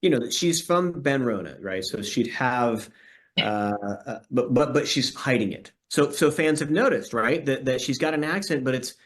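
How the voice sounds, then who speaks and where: Man, host, casual interview, friendly, chatty, restarts sentences, mid pitch. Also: animated, normal speed. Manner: friendly, stammers and restarts, laughs along.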